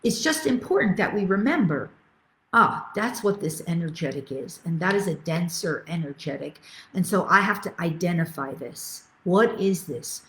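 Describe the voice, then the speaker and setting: A woman's voice: on the low side, animated, moderate pace, a bit bright, reverberant. A middle-aged woman spiritual coach teaching a live webinar, enthusiastic and reading out viewer comments as she goes.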